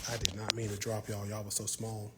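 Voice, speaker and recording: A man's voice: on the low side, monotone, a little fast, background noise. A man hosting a casual live stream from inside a library, talking with viewers in a playful, teasing way. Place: indoor library.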